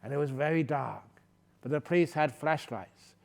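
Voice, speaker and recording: Calm guy teaching meditation, bit high voice, jokey, big hall with long echo. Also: moderate pace, gravelly. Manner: gentle, calm, tells playful bad jokes. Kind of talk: dharma talk at a retreat.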